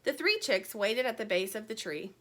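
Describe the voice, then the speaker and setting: A woman reading a children's chapter book aloud in an expressive, friendly storytelling manner. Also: on the high side, moderate pace.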